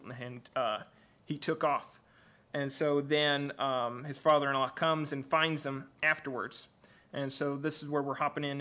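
A man preaching a church sermon and reading aloud from the Bible, halting often with fillers and restarts. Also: on the high side, a bit bright. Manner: hesitant, many fillers and restarts.

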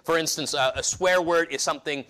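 Bright, conversational male preacher. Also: a little high, brisk. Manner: conversational preaching with frequent restarts and acted-out quotes. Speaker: pastor. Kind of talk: sermon.

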